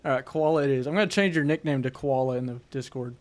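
A man's voice: medium pitch, quick pace. A man hosting a livestream, calling out plays and joking casually with friends and viewers. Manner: excited, urgent callouts during play; laid-back, joking with chat between rounds. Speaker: livestream host playing a game. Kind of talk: casual gaming chat.

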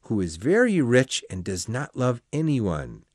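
A man's voice: mid-range voice, huge pitch swings, unhurried, dry recording, clean studio sound. A man voicing an ambitious, lovesick young male hero who speaks in an earnest, brooding way.

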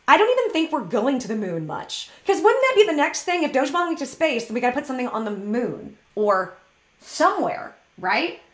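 A woman hosting a casual video blog, talking in a rambling, animated way full of tangents and self-corrections. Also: high voice, echoey room. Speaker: crypto video host. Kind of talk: casual chatty vlog commentary.

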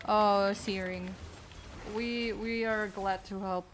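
A woman's voice: mid-range voice, fairly even intonation, takes it slowly, a little hiss or hum. A woman streamer chatting casually while gaming, answering chat in a chatty, distracted way.

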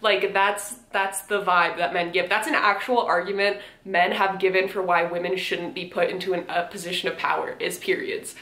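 A woman's voice: on the low side, fairly even intonation, normal speed, few pauses, a bit bright. A woman giving casual, sarcastic reaction commentary, laughing and swearing as she reads passages aloud. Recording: echoey room.

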